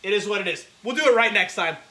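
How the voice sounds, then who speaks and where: A man's voice: sits high, fast, pushed and bright. A young man hosting a casual home cooking video in his kitchen, joking and rambling with lots of fillers. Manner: joking, rambling, lots of fillers and "you know what I mean". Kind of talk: casual cooking show chat.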